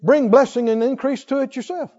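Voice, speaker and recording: A male preacher giving an emphatic sermon, moving between loud declarations and quiet reasoning, on a dull lo-fi recording. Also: very high-pitched, brisk, long reverb tail.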